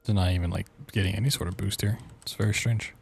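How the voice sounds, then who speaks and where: Gravelly young man joking on stream. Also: sits low, steady tone, fast talker, a little hiss or hum. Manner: joking, mock-dramatic, chatting to viewers. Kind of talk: casual livestream chat while gaming.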